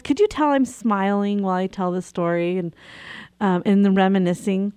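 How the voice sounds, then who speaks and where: A woman's voice: mid-range voice, normal speed, clear, resonant tone, no echo. A woman radio host and therapist telling a personal story in a casual way, laughing often as she talks. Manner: laughs often while telling stories, animated. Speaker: radio show host and marriage and family therapist.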